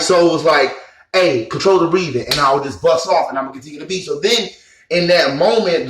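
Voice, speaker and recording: A vlogger with a slightly high, somewhat bright voice recounts a personal experience in an echoey room. His casual story rambles, full of fillers and restarts, and comes across as earnest and emotional.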